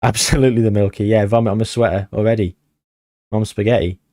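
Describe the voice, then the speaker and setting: A man giving excited, swearing commentary on a football management game he is playing. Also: on the low side, fast. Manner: animated, swearing, shouting at the match. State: out of breath. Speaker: gaming streamer.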